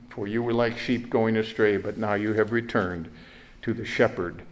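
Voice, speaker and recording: A man's voice: on the low side, fairly even intonation, normal speed. Earnest male pastor preaching a sermon. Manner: earnest, repeats words, rises to emphatic peaks.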